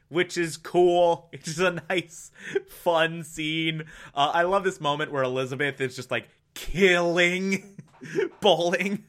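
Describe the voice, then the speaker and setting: A man recapping a TV episode in casual chat, fond of fillers and quick to laugh. His voice sits a bit high and sounds bright and forceful. He takes his time with an unhurried delivery. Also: clean tone. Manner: chatty, laughs often, lots of fillers. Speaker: podcast host.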